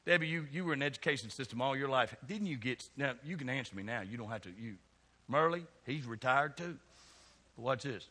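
Folksy Kentucky pastor with a bright voice. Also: male voice, medium pitch, expressive, quick pace, long reverb tail. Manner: folksy, teasing congregation members by name. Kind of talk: sermon. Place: church sanctuary.

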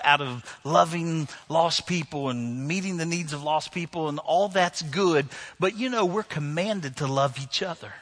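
A middle-aged pastor preaches with a bright, forceful voice pitched a little above most men's. He tells stories about himself with a self-deprecating streak and laughs often between lines. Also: breathy edge. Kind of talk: sermon.

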